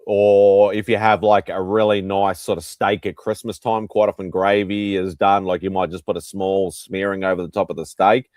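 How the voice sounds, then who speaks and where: A man's voice: low-pitched, flat delivery, moderate pace, few pauses, a little mellow, dry recording. A man hosting a casual livestream chat, joking and rambling as he talks. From Australia. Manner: joking, rambling, laughs often. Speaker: host.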